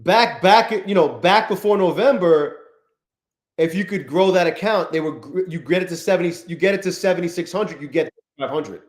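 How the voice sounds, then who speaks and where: Male streamer, forties, slightly high voice, casual and profane, chats with viewers. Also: normal speed. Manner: profane, restless, talks to chat. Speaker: trading livestream host. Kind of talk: casual live-stream chat.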